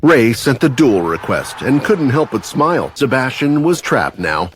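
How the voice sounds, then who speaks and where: A man's voice: mid-range voice, big pitch swings, unhurried, slight background noise. A man giving scripted, dramatic story narration for a comic recap.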